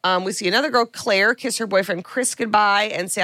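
A woman's voice: mid-range voice, no room sound, clean studio sound. A woman co-hosting a podcast, casually recapping a movie and acting out the characters' lines as she goes. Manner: animated storytelling with quick acted-out quotes. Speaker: podcast co-host.

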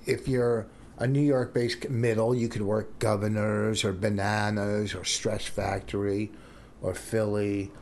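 Gravelly comedian guy on a podcast, rambling talk, bit of background hiss. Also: fairly low pitch, little pitch movement, a little slow, a little mellow. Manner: rambling, self-interrupting. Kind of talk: casual chat.

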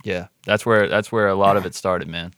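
A man's voice: deep voice, fairly even intonation, moderate pace, fairly bright tone, no echo, studio quality. A man co-hosting a true crime podcast, chatty and easygoing, laughing often and tossing in "man" and "dude.". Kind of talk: casual chat.

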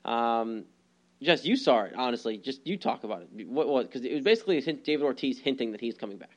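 A man's voice: mid-range voice, animated, fast talker. A young man co-hosting a casual sports podcast, talking with many hesitations and frequent laughs. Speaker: podcast co-host.

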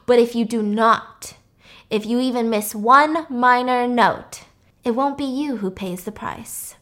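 Smug male mentor, menacing, coaxing, high-set delivery, as a woman retells it. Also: unhurried, fairly bright tone. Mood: smug menace.

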